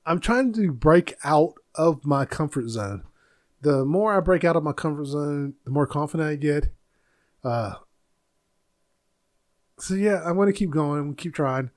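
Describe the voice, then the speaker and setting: Middle-aged male podcast host, chatty and digressive, a bit higher voice, dry home-office sound. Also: lively intonation, measured pace, long pauses, darkish tone, no room sound. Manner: rambling, easily sidetracked, laughs at himself. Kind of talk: casual solo podcast chat.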